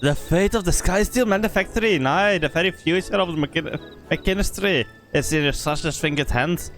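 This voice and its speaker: Man doing a gruff older gunsmith, put-on Scottish accent, grumpy, blunt, coarse growl, game voice, slightly high voice. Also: a little fast, fairly bright tone, faint music behind. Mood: grudging.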